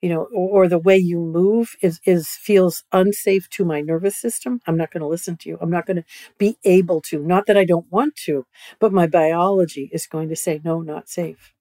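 Woman on a video call, kinda low mellow voice, dry, explaining stuff and going "right?" a lot. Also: steady tone, moderate pace, dry recording. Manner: repeats "right?" often, starts phrases over. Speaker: guest expert. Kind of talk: conversational explanation.

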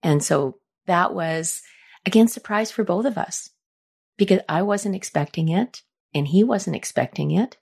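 A woman's voice: fairly low pitch, measured pace, vocal fry, a little mellow, breathy edge. A middle-aged woman hosting a podcast, telling personal stories in a chatty, reflective way. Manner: chatty, reflective, acts out quoted lines with a raised voice. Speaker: podcast host. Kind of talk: casual personal storytelling.

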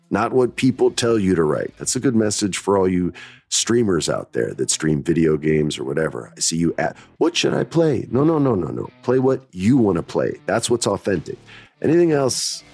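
Deep-voiced man hosting a podcast. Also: a little mellow, breathy edge, no room sound. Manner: candid, emphatic, motivational. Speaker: podcast host. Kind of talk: casual storytelling podcast.

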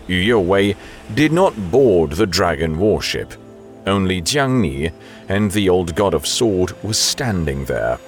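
A man narrating a novel as an audiobook in a measured storytelling manner. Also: deep voice.

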